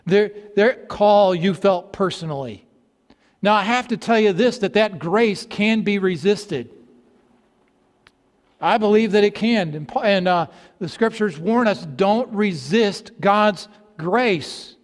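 A man's voice: sits high, measured pace, big-room sound. A man preaching a sermon to his congregation, stressing words with emphatic repetition. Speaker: pastor. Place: church sanctuary.

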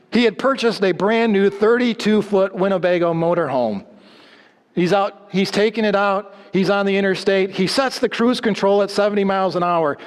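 A man preaching a sermon, telling stories, repeating words for emphasis, and dropping low and slow when he reads scripture. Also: big-room sound. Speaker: pastor.

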